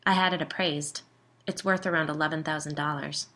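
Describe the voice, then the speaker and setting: A composed older woman, a grandmother, speaks in a low, measured voice with dry wit, as a woman reading the story puts her on. She keeps her tone even and unhurried. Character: calm, wry older woman, a grandmother and homeowner.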